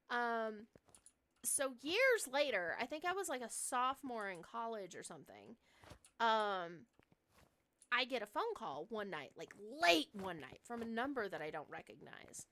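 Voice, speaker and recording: A young woman with a bright, clear voice chats her way through a horror game stream. She rambles through a personal story, leaning on fillers and dropping curse words freely. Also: mid-range voice, expressive, normal speed. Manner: chatty, swears freely, many fillers. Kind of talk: casual storytelling while playing a horror game.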